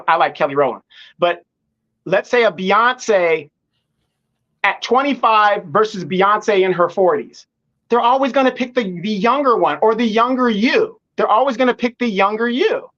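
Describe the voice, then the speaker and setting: High-voiced man on muffled remote audio. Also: expressive, moderate pace, a bit bright. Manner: repeats words when starting a point, firm and opinionated. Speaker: guest commentator. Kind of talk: live online discussion.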